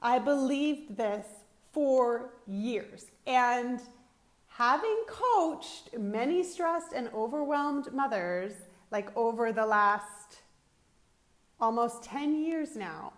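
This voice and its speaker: A middle-aged woman coaching mothers in a live video, talking candidly to viewers and swearing casually. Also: on the high side. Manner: emphatic, repeats phrases in lists.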